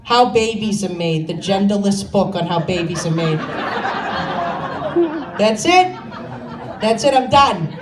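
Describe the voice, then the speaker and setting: A woman's voice: mid-range voice, lively intonation, measured pace, long pauses, noisy background. A woman from Massachusetts doing a stand-up comedy set, brash and self-mocking, rambling with lots of "you know" asides. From Scituate, Massachusetts, USA. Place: comedy venue stage with a live audience. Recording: echoey room, distant mic, loud crowd laughter.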